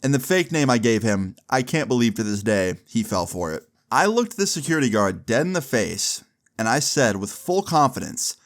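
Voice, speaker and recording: Animated young man telling a story. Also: medium pitch, moderate pace. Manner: animated, swearing, comic. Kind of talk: casual storytime monologue.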